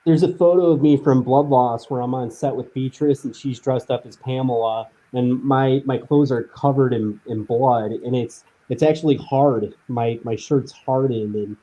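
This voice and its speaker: Dark-voiced man on muffled audio. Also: medium pitch, moderate pace, few pauses. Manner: relaxed, matter-of-fact, talks in short restarts. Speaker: indie filmmaker. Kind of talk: casual live video chat.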